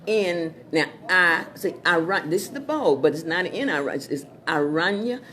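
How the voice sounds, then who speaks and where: A woman chatting casually as she pitches her Spanish dictionary, repeating words and laughing at her own jokes. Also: animated, moderate pace, a bit bright. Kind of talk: casual sales chat with jokes. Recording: crowd noise behind.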